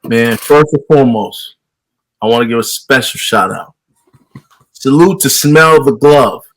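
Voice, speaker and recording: A man's voice: medium pitch, measured pace, a bit bright. A man co-hosting a boxing talk show, chatting in a laid-back storytelling way. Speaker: boxing podcast co-host. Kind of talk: casual chat.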